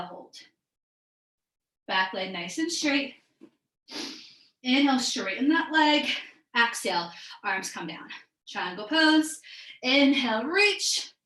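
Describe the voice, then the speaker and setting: Female yoga instructor, bright upbeat cueing, a little breathless, echoey room. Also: on the high side. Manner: upbeat, encouraging, calls out breaths and poses. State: a bit out of breath. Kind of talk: live online yoga class cues.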